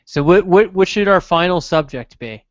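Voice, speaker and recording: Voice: mid-range voice, animated, no echo. Playful co-host, dull muffled sound. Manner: playful, quick with jokes. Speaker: podcast co-host. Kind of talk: casual live-stream chat.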